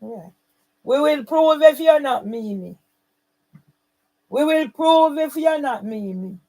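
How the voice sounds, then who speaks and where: A woman's voice: sits high, animated, slow pace, warm tone, poor audio. A woman, running her own channel, speaking straight to camera in an angry, accusing and repetitive way. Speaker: channel owner. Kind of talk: angry direct-to-camera rant.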